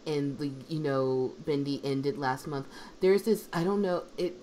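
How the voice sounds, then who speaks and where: A woman's voice: sits low, a little slow, dark tone, a little hiss or hum. A woman in casual livestream chat with fellow dubbers, rambling and chatty, full of "I'm like", talking from home on an online call. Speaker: dub group member on livestream.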